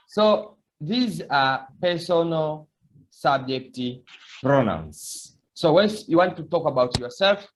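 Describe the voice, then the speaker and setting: A man teaching a beginner language lesson, patiently repeating words for students to echo. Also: fairly high pitch. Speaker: French teacher.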